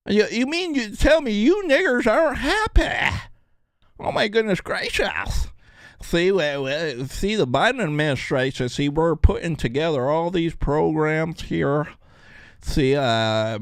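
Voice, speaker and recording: Man doing a high, sneering parody of a smug politician, crisp dry voice. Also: a bit bright, no echo, full character voice. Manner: sneering, exaggerated, condescending. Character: mocking impression of a smug male politician.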